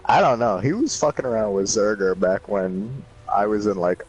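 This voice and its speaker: A young man hosting a gaming stream, chatting casually with friends in a relaxed, laughing way and swearing often. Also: lowish voice, normal speed, soft background music, low-quality recording. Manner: laid-back, swears often, laughs mid-sentence. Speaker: let's play host. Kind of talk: casual chat among friends while gaming.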